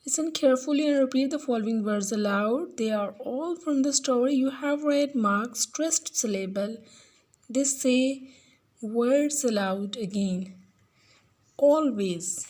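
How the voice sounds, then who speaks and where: Her voice on the high side and a little mellow, a woman teaching English in a recorded lesson takes her time, enunciating carefully and repeating each word so her pupils can follow.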